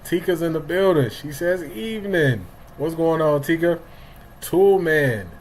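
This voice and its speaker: A man's voice: on the high side, measured pace, a little mellow, a little hiss or hum, poor audio. A middle-aged man, hosting a casual live sports stream and greeting viewers by name. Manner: greets chat viewers by name, loose and talkative. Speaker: livestream sports show host.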